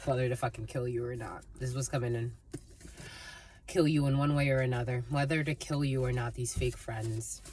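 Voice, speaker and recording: A woman's voice: rumbling low, fairly even intonation, normal speed, a little mellow, a little hiss or hum. A woman giving a channeled tarot reading, rambling and free-associating, calling her listeners "my lovies". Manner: breaks into snatches of song and laughter. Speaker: tarot reader.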